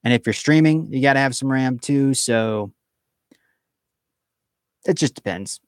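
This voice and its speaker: A male streamer chats casually with his viewers and reads out their comments as he goes. He rambles, restarts his sentences and leans on fillers, at a middling pitch. The sound is dry and close, as from a desk microphone in a small room. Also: unhurried, no room sound.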